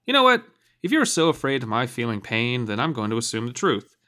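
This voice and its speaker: A defiant young man trapped in a simulation, as a man reads him aloud, his voice angry and rising against his captors. His pitch sits in an ordinary middle range, and he talks like a storybook character pushing back. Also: very animated, fairly quick, bright, forceful tone.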